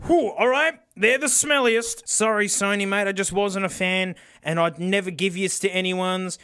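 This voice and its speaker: A man's voice: high voice, normal speed, sharp tone, slight background noise. A young Australian man doing a comedic, sarcastic unboxing review of cheap headphones, laughing often. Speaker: tech reviewer.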